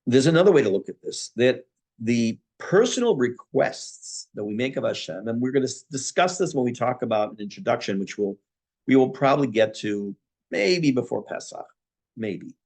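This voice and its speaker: A man teaches as a rabbi in a relaxed, conversational class. He reads short Hebrew lines and then explains them in plain everyday English. His voice sits at an ordinary middle pitch. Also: normal speed. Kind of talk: spoken Torah class on prayer.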